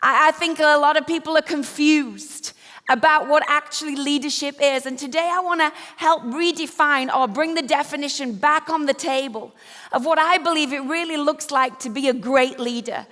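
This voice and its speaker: A woman's voice: high-pitched, moderate pace, bright, forceful tone. A woman from England with an English accent, giving a motivational leadership talk and teasing the audience playfully. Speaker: keynote speaker. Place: large event hall. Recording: reverberant hall.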